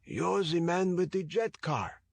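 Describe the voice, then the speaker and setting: A man's voice: high-pitched, lively intonation, unhurried, vocal fry, pitched above the performer's own voice, heavily acted. A stiff, aloof elderly scientist with a thick Eastern European accent, as a male narrator puts him on. The voice is raised well above the reader's natural register and its tone is changed, and he answers in clipped, reserved phrases.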